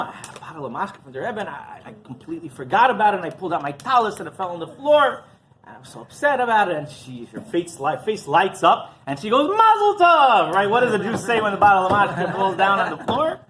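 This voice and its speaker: With slight background noise behind him, a rabbi speaks in a fairly bright tone during a casual storytelling talk. He leans on "right?" and "you know" and impersonates the people in his stories, his pitch jumping widely.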